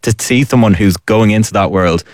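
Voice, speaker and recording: A man's voice: on the low side, normal speed, darkish tone, no echo, studio quality. An Irish man in his late twenties, a guest on a radio panel, talking in a thoughtful, reflective way with hesitant starts. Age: late 20s. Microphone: studio microphone.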